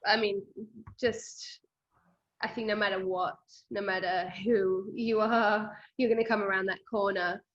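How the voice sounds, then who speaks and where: Woman host, lively storyteller, slightly muffled recording. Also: mid-range voice, a little slow. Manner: animated, quotes herself in lively bursts. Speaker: running coach and podcast host. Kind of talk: emotional conversational storytelling. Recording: slightly dull lo-fi audio.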